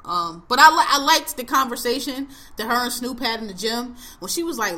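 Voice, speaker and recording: A woman's voice: a little high, expressive, brisk, hardly any pauses, sharp tone. A woman hosting a podcast, chatting casually about a TV show in blunt, profane slang and laughing often. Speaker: podcast host. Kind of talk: casual chat reviewing a TV show.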